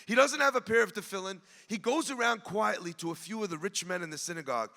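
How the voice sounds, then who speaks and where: A man, giving an emotional sermon as a rabbi and telling a story to the crowd, swelling and dropping to a hush. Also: high-pitched, quick pace, gravelly. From United States (New Jersey). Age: 40s. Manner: earnest, addresses the crowd directly, swells and drops to a hush. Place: large event hall. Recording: long hall reverb.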